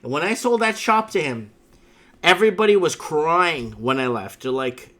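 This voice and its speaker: A man's voice: on the high side, animated, normal speed, fairly bright tone. A man hosting a livestream, chatting with a caller and telling stories in a rambling, emphatic way with frequent asides. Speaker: livestream host. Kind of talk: casual chat with a caller.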